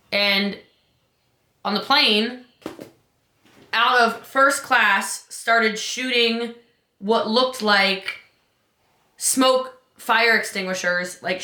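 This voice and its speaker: An urgent, emphatic woman coach rallies her audience with a bright, forceful voice. Her pitch jumps on the points she stresses. The room around her sounds echoey. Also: slow pace, pauses often. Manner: emphatic, urgent, rises high on key points. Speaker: business coach. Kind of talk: motivational talk.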